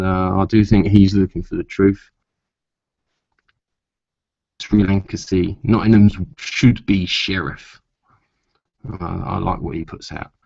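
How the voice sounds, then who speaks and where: A man's voice: deep voice, creaky, darkish tone, no echo. A man chatting casually to camera in a rambling way, with many asides, and swearing when riled. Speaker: vlogger. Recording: dull lo-fi sound.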